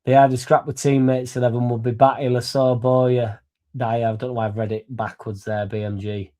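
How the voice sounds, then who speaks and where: Tipsy, sweary football fan. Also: male voice, mid-range voice, level tone, a little fast, warm tone. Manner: rambling, sweary and laddish, laughing between lines. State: a bit drunk. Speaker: fan channel host. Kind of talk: casual livestream chat.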